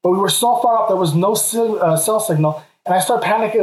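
A man's voice: sits high, a little fast, few pauses. A man in his thirties telling a comic personal story, laughing as he goes. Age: 30s. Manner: lively, laughs through his own story. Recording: roomy echo.

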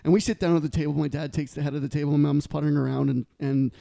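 A man telling a funny story in casual chat, animated and laughing, acting out quotes. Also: fairly high pitch, racing, creaky. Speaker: podcast guest.

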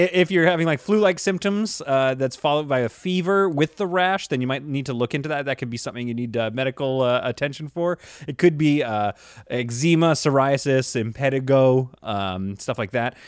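A man's voice: mid-range voice, normal speed, clean tone, dry recording. Joking male podcast co-host, dry sound. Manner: jokey mock-expert, repeats words. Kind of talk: comedic casual chat.

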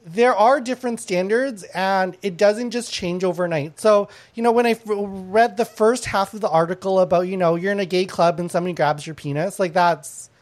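Female panel host, mid-pitched, blunt and provoking, laughing through her takes. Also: moderate pace, few pauses. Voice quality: antagonistic, blunt, laughs often between lines. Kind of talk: casual comedic panel chat.

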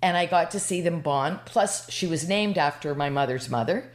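A Canadian woman in her sixties, a podcast guest, tells a personal story in a rambling, emotional way with many restarts. Her voice is fairly low and her speed normal.

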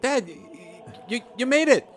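A man's voice: extremely high pitch, lively intonation, normal speed, soft background music. A man voicing a nervous male gnome groom on his wedding day who stammers and repeats his words. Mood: moved.

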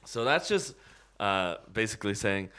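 A man co-hosting a comedy podcast, reading a script aloud deadpan and haltingly. His voice is bright. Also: fairly low pitch, smooth.

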